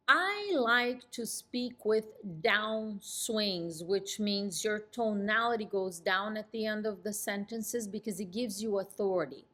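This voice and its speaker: A woman's voice: medium pitch, fairly bright tone. A woman coaching real estate agents, walking through a phone script and acting out its lines with an assertive, downward tone. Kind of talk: teaching a sales script.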